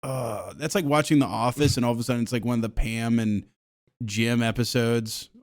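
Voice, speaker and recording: A man's voice: medium pitch, moderate pace. A man co-hosting a podcast in casual chat, telling stories with lots of laughter and swearing. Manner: laughing, animated, profane storytelling. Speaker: podcast co-host.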